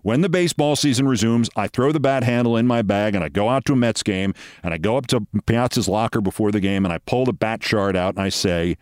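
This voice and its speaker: A man's voice: on the low side, a little fast, few pauses, a little mellow, dry recording, clean studio sound. A man, a podcast host telling a wry anecdote and acting out the voices of the people in it. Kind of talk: storytelling monologue.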